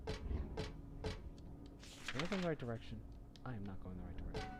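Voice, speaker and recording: A man's voice: lowish voice, sing-song, brisk, loud music behind the voice. A man casually commenting while playing a video game, chatting, reading game text aloud and swearing at enemies. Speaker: let's play host.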